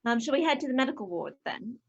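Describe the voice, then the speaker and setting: A woman playing in a tabletop game, speaking in a lively, casual way. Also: high-pitched, fast talker, vocal fry, highs cut off. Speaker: player. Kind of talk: tabletop role-play.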